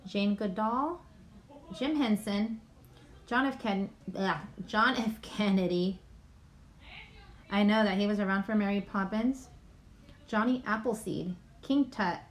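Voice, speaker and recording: A woman with a mid-range voice hosts a casual YouTube livestream from home, reading a list of names aloud at a slow pace with long pauses. She keeps apologizing for mispronouncing them, and there's slight background noise.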